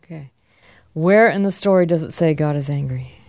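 A man's voice: a little high, moderate pace, darkish tone, no room sound. Man leading a Bible class. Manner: conversational, asks the class questions. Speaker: teacher.

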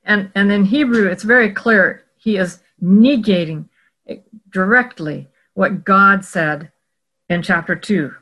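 A Bible teacher giving a scripture teaching talk in a measured, explanatory way, often correcting themselves mid-sentence. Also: medium pitch, sharp tone, rough recording.

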